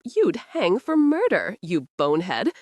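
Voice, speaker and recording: A woman's voice: medium pitch, huge pitch swings, unhurried, no echo. A woman narrator voicing a bold, scornful young heroine in disguise, speaking cheekily. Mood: cheeky.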